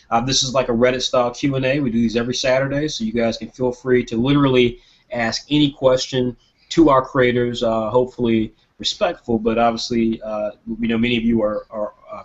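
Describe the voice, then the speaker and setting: A man hosts a live online Q&A over a video call, making friendly, rambling announcements with filler sounds. His voice is mid-pitched. The call audio is dull and lo-fi. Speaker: host.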